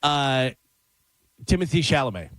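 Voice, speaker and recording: A man co-hosting a radio show, telling animated stories and doing quick impressions. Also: mid-range voice, crowd noise. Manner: animated storyteller, does impressions. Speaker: radio co-host. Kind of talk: casual radio banter.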